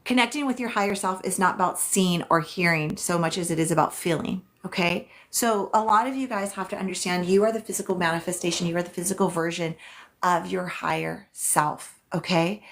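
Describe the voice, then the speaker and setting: A woman's voice: fairly low pitch, a little fast. A woman working as a psychic reader, hosting a casual live stream where she answers viewers' questions in a chatty way, with many "um"s and "like"s.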